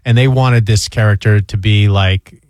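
A man's voice: lowish voice, normal speed, no room sound. A man from New York, a radio host in casual chat, telling stories animatedly and acting out what others said. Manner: animated storyteller, acts out quoted voices.

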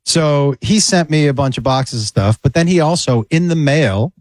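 Animated man telling a comedy story. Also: a little high, moderate pace, no echo. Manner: animated, acts out voices in anecdotes. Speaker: comedian guest. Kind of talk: casual storytelling chat.

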